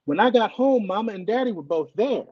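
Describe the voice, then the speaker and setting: Man putting on older New Orleans mother, New Orleans accent, raised pitch, husky, dull recording. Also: lively intonation, fairly quick, no echo. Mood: reminiscing.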